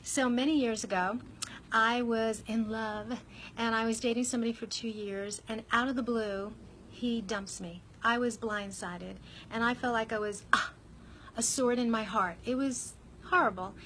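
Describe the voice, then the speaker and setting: A woman with a fairly high voice tells a personal story straight to her viewers. Her delivery is candid and conversational, with an animated lilt as she recounts events. A faint hiss sits under the recording. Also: moderate pace. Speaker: vlogger.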